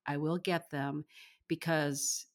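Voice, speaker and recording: Woman, low voice, effusive, rambling, casual book talk. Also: level tone, takes it slowly. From Michigan, US. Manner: effusive, laughs often, rambling asides. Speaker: podcast co-host.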